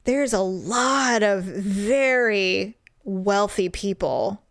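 A woman's voice: medium pitch, drawn-out words, no echo. A woman telling a funny story in casual chat, laughing and acting out the people in it. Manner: animated, laughing, acts out voices in her story.

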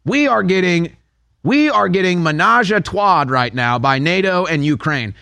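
A man's voice: sits high, animated, measured pace, vocal fry, bright, forceful tone, dry recording. A man hosting a talk radio show, delivering a sarcastic, heated opinion monologue in a studio.

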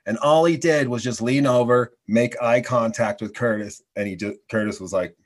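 Excited man swapping stories. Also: mid-range voice, moderate pace. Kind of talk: casual chat.

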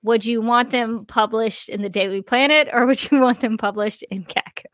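Woman, podcast co-host, laughs a lot, bright, fairly high voice. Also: fairly even intonation, normal speed, no room sound. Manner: laughs often, asks questions. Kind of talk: casual podcast chat.

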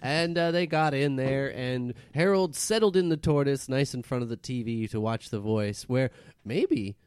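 A man's voice: medium pitch, moderate pace, a little mellow, smooth, no room sound, studio quality. A man narrating an improvised comedy scene in a wry, giggly way. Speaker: comedy podcast host.

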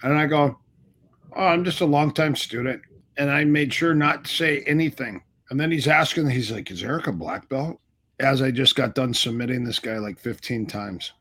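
There's slight background noise as a middle-aged martial arts instructor, a guest in a casual interview, retells old stories at normal speed. His pitch is an ordinary middle, and he animatedly voices the people he quotes.

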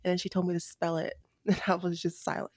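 A speaker from Jamaica in a casual chat, blunt and quick to push back and tease. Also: mid-range voice, monotone, no room sound, studio quality.

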